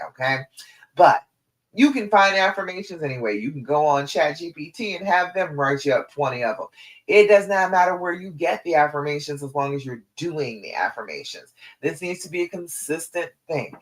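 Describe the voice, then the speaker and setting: A woman's voice: low-pitched, poor audio. A woman relationship coach giving a live stream talk, direct and encouraging, repeating her key points.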